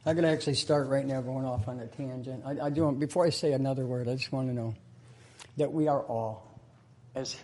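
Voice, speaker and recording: A man's voice: medium pitch, darkish tone. A man preaching a sermon in a church, telling a joke story and chatting with the congregation. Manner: conversational, laughing with the congregation. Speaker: pastor.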